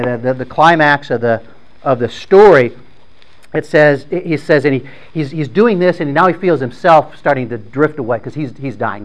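A man's voice: mid-range voice, low-quality recording. A man informally retelling a story in plain, conversational words, often repeating and restarting his phrases.

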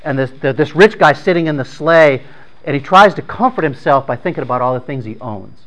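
A man's voice: fairly high pitch, expressive, a little fast, a bit bright, poor audio. A man informally retelling a story in plain, conversational words, often repeating and restarting his phrases.

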